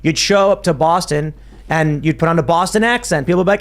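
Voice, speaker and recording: A man hosts a political discussion show and argues his points at length, doubling back on his words as he reasons aloud. His voice sits a little higher than most men's. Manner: argumentative, thinks aloud with quick restarts. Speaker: podcast host.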